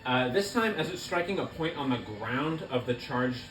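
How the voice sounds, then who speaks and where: A game master narrating a tabletop game, pausing often with fillers as he describes the action. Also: mid-range voice, lively intonation, reverberant, music in the background, poor audio. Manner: halting, many fillers while describing.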